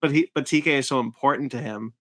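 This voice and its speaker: A man's voice: mid-range voice, quick pace, no room sound. A man co-hosting a podcast in casual chat, earnest, often restarting his sentences. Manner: earnest, stumbles and restarts when excited. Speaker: podcast co-host.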